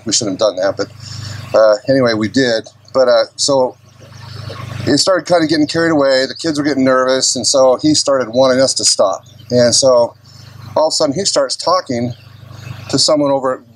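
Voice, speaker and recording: A man's voice: medium pitch, slight background noise, poor audio. Rambling man telling a personal story. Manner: rambling, digressive, clears throat often. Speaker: open mic storyteller. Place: outdoor gathering open mic.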